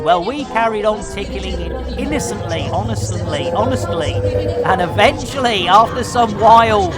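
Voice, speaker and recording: A man's voice: high voice, animated, a little slow, over loud music. A man giving playful, theatrical commentary on a live game stream. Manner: jokey, theatrical, lots of pet phrases.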